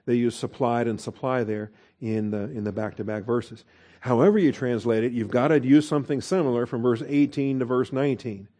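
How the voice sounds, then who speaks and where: Mellow-voiced man teaching scripture. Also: mid-range voice. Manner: asks rhetorical questions, stresses words slowly. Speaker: Bible teacher. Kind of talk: expository Bible teaching.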